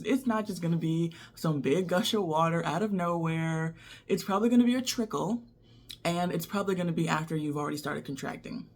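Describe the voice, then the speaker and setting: A young woman telling a personal story to the camera in a casual, animated way, often laughing. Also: on the low side, a little fast. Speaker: vlogger.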